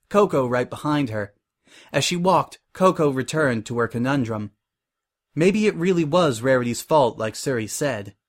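A man narrating a fan-fiction story in a steady reading voice. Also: mid-range voice.

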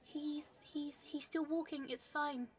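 A woman doing a comedic spy role-play monologue, flustered, swinging between loud romantic gushing and hushed whispers. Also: high-pitched, fairly even intonation, slow pace, distant mic. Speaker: narrator playing a spy to the listener.

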